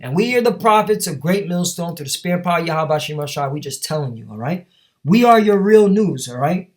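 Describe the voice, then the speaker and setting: A man's voice: fairly high pitch, lively intonation, brisk. A man preaching a fiery sermon, reading scripture aloud and driving points home with repeated "all right?" tags. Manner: emphatic, repetitive, with many tag questions.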